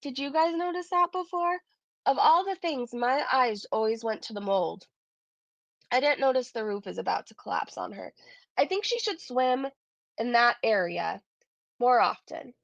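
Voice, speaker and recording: A woman's voice: on the high side, expressive, normal speed, no echo, muffled recording. A woman hosting a casual reaction commentary, sarcastic and blunt, who swears freely and laughs through her remarks. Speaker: reaction channel host.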